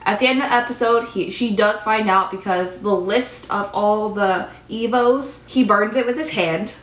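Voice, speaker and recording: A young woman vlogger in a casual, chatty recap, acting out characters' lines in quick bursts. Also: medium pitch, a bit bright, reverberant. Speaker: vlogger reviewing TV episodes.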